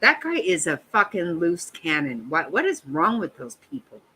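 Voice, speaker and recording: Fifty-something woman on a live chat, cussing and blunt, voice jumps up and down a lot, bright tone. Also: lowish voice, big pitch swings, normal speed, slightly rough, low-quality recording. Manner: blunt, profane, answers viewers' comments. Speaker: livestream host. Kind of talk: casual live chat reacting to a trial.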